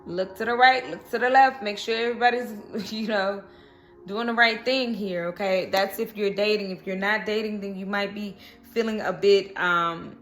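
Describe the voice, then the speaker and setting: A woman's voice: mid-range voice, fairly even intonation, moderate pace, a bit bright, faint music behind. A woman reading tarot cards in a casual chat, who keeps checking in with "okay?" and "you know". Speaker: tarot reader.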